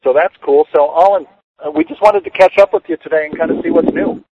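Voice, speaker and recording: A man's voice: fairly high pitch, quick pace, background noise. Chatty male podcast host, phone-line sound. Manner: loose, many fillers, upbeat. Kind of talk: casual podcast interview. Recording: tinny phone-like audio.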